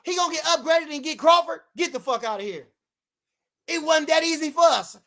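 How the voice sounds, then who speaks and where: A man streaming a heated boxing rant to his live chat, loud and repetitive, swearing freely and breaking into shouts. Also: extremely high pitch, fairly quick.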